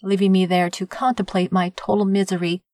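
A woman's voice: medium pitch, level tone, a little fast, a little mellow, dry recording, studio quality. A woman narrating a first-person romance audiobook in a wry, confiding way. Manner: wry, confiding; whines and croaks her own quoted lines.

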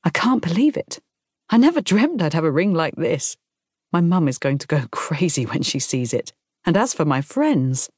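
A woman voicing a lively, teasing young woman. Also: sits low, normal speed, no echo, clean studio sound. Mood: excited.

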